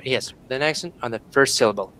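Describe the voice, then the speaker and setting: Guy teacher repeating words slow for class, faint rumble behind. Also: sharp tone, low-quality recording. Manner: repeats words slowly for practice. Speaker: English teacher. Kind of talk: online class explanation.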